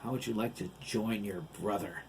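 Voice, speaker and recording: A man's voice: on the low side, normal speed, a little hiss or hum, lightly acted. A man voicing a cruel male giant who taunts and gloats over his captives. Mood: sneering. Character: gleeful cruel male giant, sneering villain.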